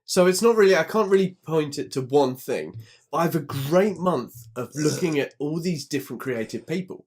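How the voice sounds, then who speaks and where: A man's voice: fairly high pitch, expressive, normal speed, a little mellow, slightly rough. Grumbling sweary man in a podcast chat. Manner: sweary, self-deprecating and grumbling. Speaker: podcast co-host. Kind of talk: casual chat.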